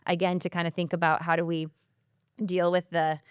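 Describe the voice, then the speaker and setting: A woman's voice: on the low side, little pitch movement, a little fast, smooth, dry recording, studio quality. A woman from a community foundation talking in a casual, heartfelt podcast conversation, speaking chattily and often saying "like".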